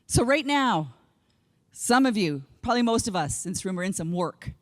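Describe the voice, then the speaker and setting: A woman's voice: medium pitch, animated, normal speed, long reverb tail. A middle-aged woman delivers a motivational keynote with plenty of humour. She tells her stories bluntly and candidly and slips in the odd swear word. She speaks throughout. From Canada. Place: conference room with a live audience.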